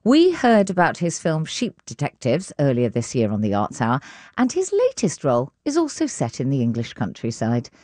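Woman presenter, low voice with lots of melody, measured scripted intros, dry studio. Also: dark tone, no room sound. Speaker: radio arts show presenter. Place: radio studio.

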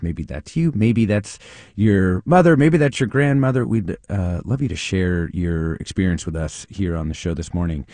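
Low-voiced male radio host. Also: no echo. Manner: measured, with frequent soft acknowledgments. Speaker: radio talk show host. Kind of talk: public radio interview. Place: radio studio. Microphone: studio microphone.

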